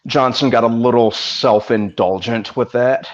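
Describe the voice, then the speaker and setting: Man on a movie review stream, slow and hesitant, lots of restarts, muffled lo-fi sound. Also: medium pitch. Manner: measured, hesitant, many restarts and fillers. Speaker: podcast co-host. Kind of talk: casual live movie review chat.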